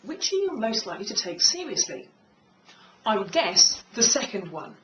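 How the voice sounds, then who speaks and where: A woman speaking coach giving a clear, measured talk on confident speaking, in a room with a piano. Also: very animated, fairly bright tone, far from the mic, slight background noise, poor audio. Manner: clear, measured, demonstrates pitch by singing. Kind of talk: instructional talk to camera.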